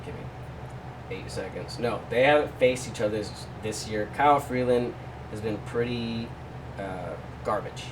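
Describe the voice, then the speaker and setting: A man's voice: lowish voice, a little slow, distant mic. A chatty man runs through his betting picks in a loose, joking way, tossing off asides to his viewers. His voice sits a little back from the mic in a room at home. A faint air-conditioner hum runs underneath. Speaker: sports betting host. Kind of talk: casual betting picks vlog.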